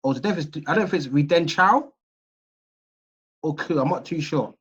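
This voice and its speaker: An English man delivers a seminar lecture over a video call, talking in a relaxed, conversational way and often checking in with his audience. His voice has a slightly husky edge. The call audio sounds dull and muffled. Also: a little high, brisk. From England. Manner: conversational, chatty, checks in with listeners.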